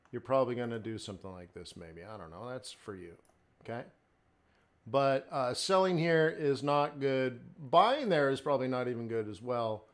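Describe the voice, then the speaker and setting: A man hosting a live trading stream, talking viewers through his charts and explaining patterns as he goes. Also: medium pitch. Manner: hums and raps to himself while charting. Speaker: forex trading stream host.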